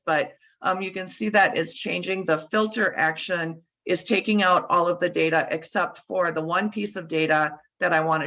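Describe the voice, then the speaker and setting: A woman walks through a software demo on a shared screen, her tone bright and forward. She is losing her voice and speaks haltingly, with frequent fillers and restarts. Her sound is picked up over a video call. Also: on the low side, rough recording. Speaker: user group presenter.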